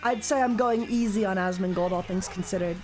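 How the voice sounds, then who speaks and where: A woman streamer chatting casually while she plays a game, joking and swearing, and now and then bursting into loud mock rants. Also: mid-range voice, a little fast, faint music behind.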